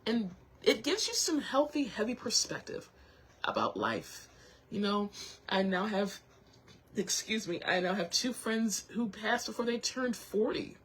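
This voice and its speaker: Tearful, husky-voiced woman host. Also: mid-range voice, very animated. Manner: tearful, halting, many restarts and apologies. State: close to tears. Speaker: show host. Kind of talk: emotional personal talk to viewers.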